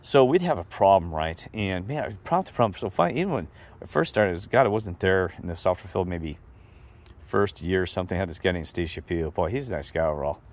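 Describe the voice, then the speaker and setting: A middle-aged man telling a rambling, animated story in a casual monologue to his viewers. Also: low voice, quick pace. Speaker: vlogger.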